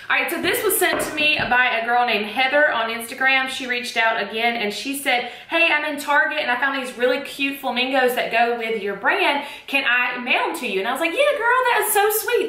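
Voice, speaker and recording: A woman's voice: a little high, bright, forceful tone, reverberant. A young woman with a Southern US accent, chatting casually and gushing to camera about her favorite things as a teacher vlogger. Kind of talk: casual product chat to camera. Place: room lit with bright lights.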